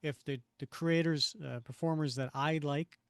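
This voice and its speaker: A man's voice: on the high side, fairly even intonation, moderate pace, smooth, no room sound. Chatty middle-aged man, dry close sound. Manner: chatty, rambling, self-correcting. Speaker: podcast co-host. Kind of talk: casual chat and reading comics aloud.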